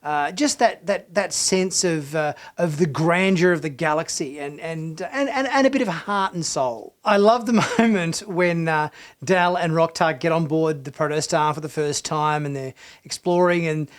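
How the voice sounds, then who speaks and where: A man's voice: fairly high pitch, a little slow. A man hosting a TV review channel, talking through an episode in a casual, enthusiastic way with many fillers and restarts. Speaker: TV review host.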